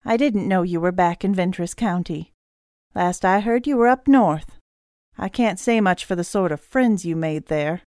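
Woman voicing a calm, stern mother. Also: lowish voice, dry recording, clean studio sound, natural voice. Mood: cold. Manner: calm, slow and deliberate.

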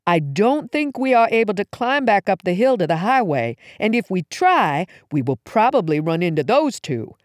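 A woman's voice: medium pitch, very animated, moderate pace, few pauses, no room sound, clean studio sound, lightly acted. A woman reading aloud, voicing an anxious young woman who urges her mother to keep moving. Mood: urgent. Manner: urgent, pleading. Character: anxious young woman named Darcy, cautious.

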